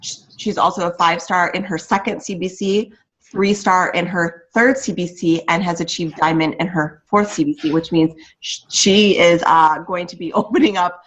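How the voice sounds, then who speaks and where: A woman's voice: on the low side, fairly even intonation, normal speed, a bit bright, muffled recording. A woman hosting a video call, introducing a guest speaker with enthusiasm and reading off her achievements with small restarts.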